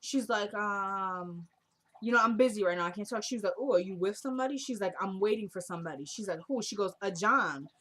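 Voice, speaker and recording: A woman's voice: medium pitch, lively intonation, a little fast, hardly any pauses, fairly bright tone. Chatty woman recapping a TV episode. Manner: retells scenes quoting characters, chatty and opinionated. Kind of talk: casual spoken episode recap.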